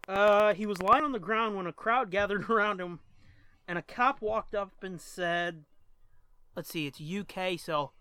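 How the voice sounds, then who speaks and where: A man's voice: high voice, unhurried, pushed and bright, clear, resonant tone, no echo. A man co-hosting a podcast in casual chat, joking and swearing freely, easily sidetracked. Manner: profane, joking, easily distracted. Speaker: podcast co-host.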